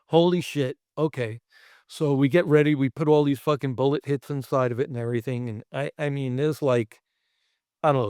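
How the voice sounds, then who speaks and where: A man's voice: medium pitch, no room sound, studio quality. A man from Brooklyn telling a set story as a podcast guest, swearing freely and acting out the other people in it. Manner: profane, animated, acts out other people. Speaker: special effects artist guest. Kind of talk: casual storytelling.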